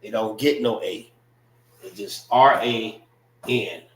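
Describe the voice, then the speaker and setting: A man teaches a language class at an unhurried pace, breaking words into syllables and repeating them. He talks loosely and conversationally. His voice carries a roomy echo from the space he is in. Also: on the low side, a bit bright. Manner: slow, repetitive, drills pronunciation syllable by syllable; loose, conversational phrasing with frequent "know what I mean".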